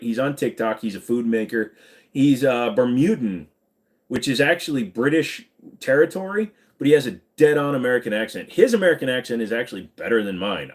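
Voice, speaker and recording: A man hosting a casual live stream, rambling through crude, jokey banter with his chat. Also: medium pitch.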